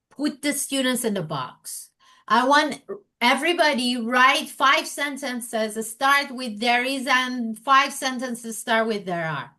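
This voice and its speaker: Slow-speaking woman teacher trainer. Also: high voice, bright, forceful tone. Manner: acts out student and teacher dialogue, non-native phrasing.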